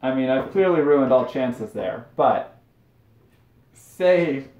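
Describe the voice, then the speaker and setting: A man's voice: medium pitch, animated, slow, a little mellow. A young man casually chatting while cooking on a livestream, telling rambling, self-deprecating stories. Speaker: streamer. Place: home kitchen. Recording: roomy, dull lo-fi stream audio.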